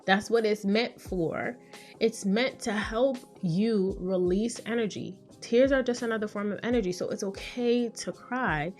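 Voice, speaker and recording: A woman's voice: medium pitch, unhurried, a little mellow, faint music behind. A woman in her thirties hosting a podcast as a therapist, talking in a chatty, conversational way and sometimes acting out the people she quotes. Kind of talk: casual advice monologue.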